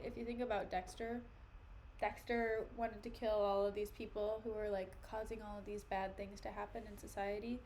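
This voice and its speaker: Young woman reading a play on stream, kinda high voice, faint hiss behind, lots of "like" and "okay". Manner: chatty, says "like" and "okay" often. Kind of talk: casual read-aloud with commentary.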